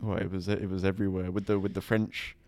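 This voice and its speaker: A man's voice: low voice, little pitch movement, fast talker, darkish tone, no echo. A young man and racing driver co-hosting a podcast, chatting casually with dry, self-mocking humour. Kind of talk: casual chat.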